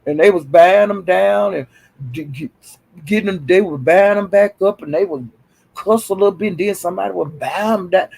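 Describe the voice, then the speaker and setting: Male livestream host, raspy and gravelly, dramatic and exasperated gossip tone. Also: high-pitched, moderate pace, a little mellow, low-quality recording. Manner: exasperated, dramatic, sighs and exclamations.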